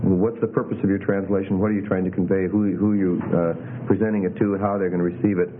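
A man teaching a classroom lesson on Greek grammar, relaxed and hesitant, with many fillers. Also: sits low, fast. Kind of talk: classroom lecture. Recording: tinny lo-fi with faint hiss.

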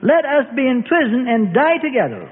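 A man's voice: very high voice, wildly swooping pitch, normal speed, big-room sound, narrow, tinny audio, voice pushed up, heavily acted. Peter, a vehement zealous disciple, as a man puts him on. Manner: earnest and vehement. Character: impulsive, zealous adult male disciple Peter.

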